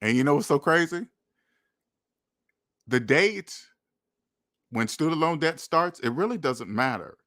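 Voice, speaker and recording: Talking straight to viewers, this young man hosts a finance channel and comes across as preachy and scolding, repeating his points about money. His pitch runs slightly high for a man, his intonation is lively, and his sharp-toned delivery is measured, with frequent pauses.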